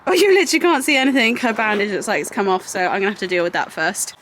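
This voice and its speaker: A woman's voice: mid-range voice, expressive, fast, fairly bright tone, slight background noise. A young woman filming her day at a horse yard, chatting to the camera and fondly talking to her horses. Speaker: horse rider running a yard. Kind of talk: casual vlog narration. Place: outdoor stable yard. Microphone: camera mic, no clip-on.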